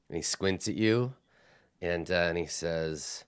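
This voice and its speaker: A man narrating a tabletop game as game master, unhurried and searching for words as he describes. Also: low voice, steady tone, clear, resonant tone. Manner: unhurried, with many fillers and restarts while describing.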